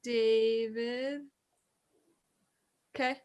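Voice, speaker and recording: A woman co-hosting a casual online trivia game over a video call, brisk and soft-spoken as she calls out players' names. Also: on the high side, steady tone, dull audio. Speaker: co-host.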